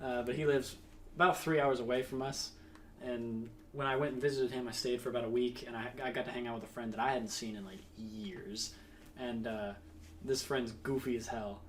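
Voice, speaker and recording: A man's voice: mid-range voice, moderate pace, far from the mic, a little hiss or hum. A young man casually telling a funny story to friends, laughing often and acting out what people said. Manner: animated, laughs a lot, acts out quotes.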